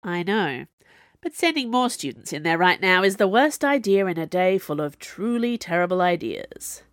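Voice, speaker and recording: A woman voicing a measured, curt middle-aged male professor in an audiobook. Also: lowish voice, lively intonation, dry recording, studio quality, close to an everyday voice.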